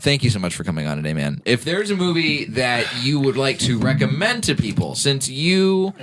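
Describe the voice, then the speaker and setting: A man's voice: medium pitch, big pitch swings, moderate pace, few pauses, a bit bright. A man hosting a comedy podcast, ribbing his guest in casual banter. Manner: teasing, mock-insulting. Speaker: podcast host.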